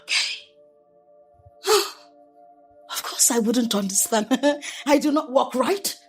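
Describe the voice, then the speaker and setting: A very high-pitched, swooping voice: an exasperated young wife who bites off her words and repeats them when angry. Her pitch leaps all over in this film drama, with soft music under the scene. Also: animated, takes it slowly, breathy edge, full character voice. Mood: sarcastic. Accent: Nigerian. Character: young wife, furious at her neglectful husband. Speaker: actress. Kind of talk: Nigerian film drama acting.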